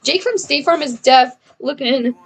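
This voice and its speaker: A woman live-streaming a game in casual chat, bubbly and chatty, reading messages aloud and thanking viewers with excited squeals. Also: high voice, measured pace.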